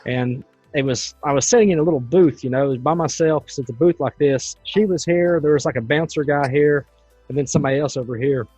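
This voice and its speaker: A man hosting a podcast, telling a story in a loose and animated way. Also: a little high, a little fast, husky, no room sound, soft background music. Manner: animated, tells stories in a loose, chatty way. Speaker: podcast host. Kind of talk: casual storytelling. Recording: dull, dry, lo-fi sound.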